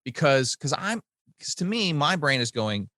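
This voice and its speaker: A man's voice: on the high side, big pitch swings, bright, forceful tone, no room sound. Guy cohosting a podcast, voice swings up and down a lot, keeps restarting his thoughts, dry sound. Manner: quick back-channel replies, thinks aloud with restarts. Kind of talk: casual chat.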